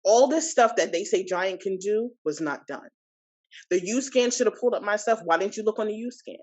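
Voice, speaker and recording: A woman in her thirties, a podcast guest, recounting a personal experience in an animated, indignant way with many asides. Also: medium pitch, brisk. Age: 30s. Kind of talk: personal storytelling.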